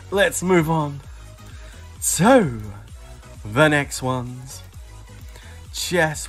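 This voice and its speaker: A man streaming a game, excitable, whooping and laughing as rewards drop. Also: fairly high pitch. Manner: excitable, shouting and laughing at drops. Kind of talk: live game commentary.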